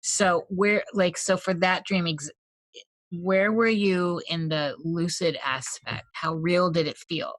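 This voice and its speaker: A woman hosting an interview, reacting warmly and enthusiastically and asking follow-up questions. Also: on the low side, fairly even intonation, no echo. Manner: enthusiastic, affirming, quick to laugh. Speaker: podcast host. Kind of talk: conversational interview.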